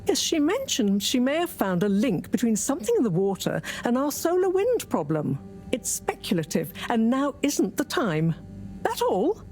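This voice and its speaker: Older woman scientist, brusque, exasperated, lively pitch. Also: faint music behind. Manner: brisk, exasperated. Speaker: professor.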